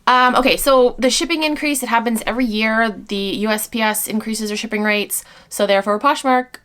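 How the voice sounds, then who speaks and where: A woman's voice: fairly high pitch, brisk, fairly bright tone, smooth. Chatty, rambling young woman vlogger. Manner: chatty and rambling, with frequent laughs and self-interruptions. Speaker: reseller vlogger answering viewer questions. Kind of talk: casual Q&A chat.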